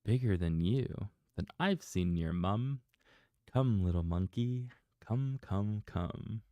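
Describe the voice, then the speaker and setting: A man's voice: lowish voice, lively intonation, slow pace, dark tone, no room sound. A man voicing a kind, eager butterfly in a bedtime storybook reading, speaking in a coaxing sing-song.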